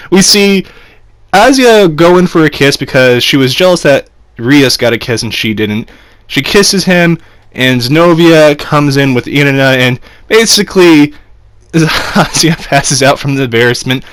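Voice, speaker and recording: A man's voice: mid-range voice, fairly bright tone, no room sound. A young man casually reviewing an anime episode, rambling with fillers and frequent laughs.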